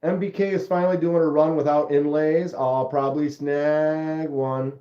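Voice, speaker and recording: A man hosts a knife channel livestream, reading viewer comments aloud casually, joking and often dissolving into giggling fits. His voice is fairly high with a flat delivery, normal speed and a dark tone, and the audio sounds roomy and dull.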